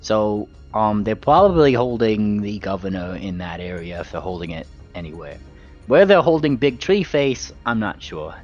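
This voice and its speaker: Male tabletop player, rambly and chatty, low voice, muffled mic. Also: very animated, normal speed, darkish tone, soft background music. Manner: rambling, laughing, many fillers. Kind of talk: casual game chat.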